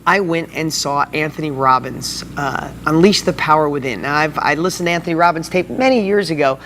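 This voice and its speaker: A man hosting a motivational video blog, talking to viewers in an excited, fired-up way. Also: a little high, fairly quick, a little hiss or hum.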